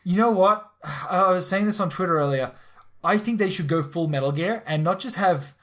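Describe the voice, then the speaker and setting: Excitable Australian man, fairly high voice. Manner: quick, excitable, with many restarts. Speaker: podcast co-host. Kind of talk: casual chat.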